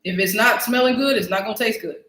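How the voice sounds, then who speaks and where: High-voiced chatty woman cooking host. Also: fast talker, fairly bright tone, roomy sound. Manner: chatty and self-mocking, talks to viewers while searching the spice shelf. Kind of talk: casual live cooking stream chat. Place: home kitchen.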